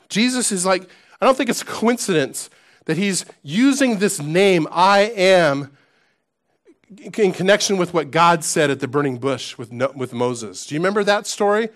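Chatty man preaching a sermon, voice sitting high. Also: expressive, moderate pace. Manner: conversational, self-deprecating storyteller; asks the congregation questions. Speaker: pastor.

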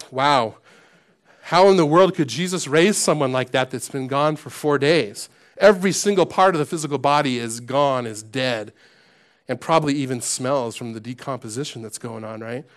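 Chatty man preaching a sermon, voice sitting high. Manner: conversational, self-deprecating storyteller; asks the congregation questions. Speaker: pastor.

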